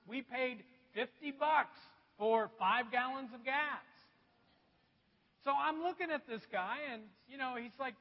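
A man's voice: very high-pitched, measured pace. A man preaching a sermon in church, telling a personal story with self-deprecating humor. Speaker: pastor. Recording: dull recording with long hall reverb.

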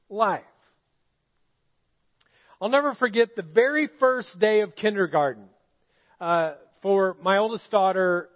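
A middle-aged male pastor preaches a sermon in a church auditorium, his voice very high-pitched and the recording muffled. He tells stories and poses questions to the congregation.

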